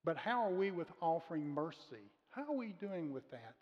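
A man's voice: on the high side, sing-song. Male pastor preaching in a reverberant hall. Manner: earnest, measured preaching with slowed emphasis on key words. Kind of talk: sermon. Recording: muffled sound with long reverb of a large room.

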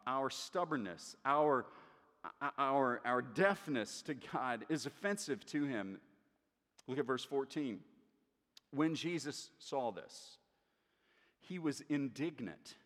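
A middle-aged man delivers a sermon in an earnest, conversational way, circling back on his words as he thinks aloud. His voice sits slightly high for a man. The sound carries a long reverb from a large church hall. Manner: earnest, conversational preaching with frequent restarts. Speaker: pastor.

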